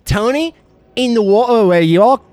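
A man's voice: high voice, expressive, normal speed, a little mellow, no echo, pitched above the performer's own voice. A man voicing a swaggering young female gang member in a put-on British-Australian accent, brash and swearing in a tabletop game. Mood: boastful.

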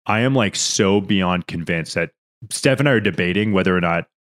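The young man's voice sits low and is a bit bright, at normal speed. He co-hosts a casual podcast and recounts a story earnestly, with emotional rambling, many restarts, and tears not far off.

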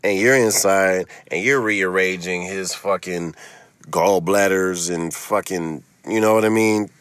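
Deep-voiced man ranting, swearing nonstop. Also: a little slow, fairly bright tone, no room sound. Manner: profane, ranting, swears constantly. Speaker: podcast host. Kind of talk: solo comedic podcast rant. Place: inside his own parked car. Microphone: phone.

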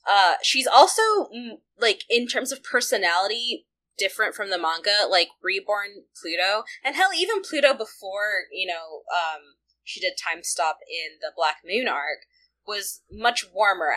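Bright-voiced chatty woman podcaster. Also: medium pitch, normal speed. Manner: chatty, animated, lots of fillers and asides. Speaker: podcast co-host. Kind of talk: casual fan discussion.

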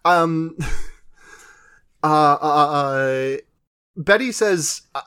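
A man's voice: fairly high pitch, drawn-out words, sharp tone, clean tone. Rambling man recapping anime. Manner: rambling, acts out character lines with filler "like". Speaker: podcast co-host. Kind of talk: casual anime recap chat.

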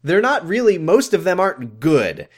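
A man's voice: high voice, sing-song, moderate pace. Guy on a podcast recapping a show, swears a lot, laughs, does little character bits. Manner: profane, laughing, mimics characters while recapping. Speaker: podcast co-host. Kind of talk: casual recap chat.

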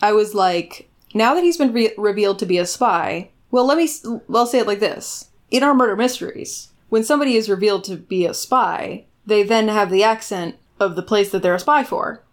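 A woman co-hosting a casual podcast, telling the story quickly and acting out quotes. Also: medium pitch. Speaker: podcast co-host. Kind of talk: casual chat recapping a show.

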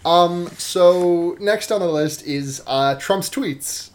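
A woman's voice: lowish voice, takes it slowly, slight background noise. A woman hosting a podcast in casual chat, rambling with lots of fillers and swearing. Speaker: podcast host.

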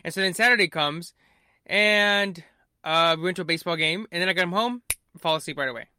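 A man's voice: high voice, fairly quick, bright, forceful tone, a little hiss or hum. A young man hosting a podcast, telling a long story casually with lots of fillers and acted-out quotes. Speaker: podcast host.

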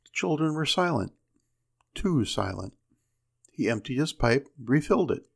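A man reading a story aloud as narrator, measured with dramatic pauses. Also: mid-range voice, very animated, vocal fry, breathy edge.

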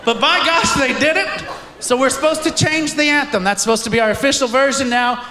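A man doing stand-up before a live audience, shouting out his punchlines. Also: extremely high pitch, a little fast. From Canada. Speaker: stand-up comedian. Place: stage in a large room with an audience. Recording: echoey live recording with crowd noise.

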